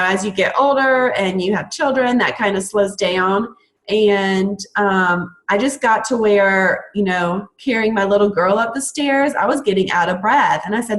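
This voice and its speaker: A woman's voice: medium pitch, poor audio. A young adult woman, a fitness coach, talking enthusiastically on a recruiting call, with frequent ums.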